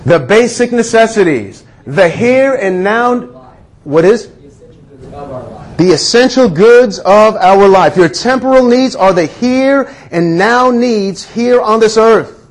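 A man's voice: high voice, animated, takes it slowly. A man preaching a sermon to a congregation, stretching out key phrases and building to emphatic calls. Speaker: pastor.

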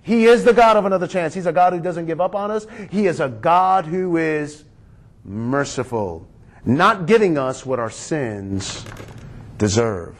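A man's voice: fairly high pitch, animated, measured pace. A man pastor preaching a sermon, emphatic and drawing his congregation into call-and-response.

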